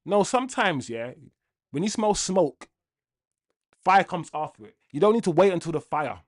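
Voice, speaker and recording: A man's voice: a little high, normal speed. A young man hosts a fan livestream and rants angrily to his chat in a casual way. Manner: angry, ranting, lively with laughs.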